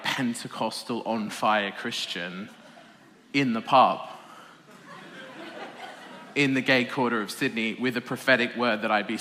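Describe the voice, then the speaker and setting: A man giving a personal testimony talk to an audience in a hall, animated and laughing often, with a self-deprecating humour. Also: medium pitch. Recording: reverberant hall.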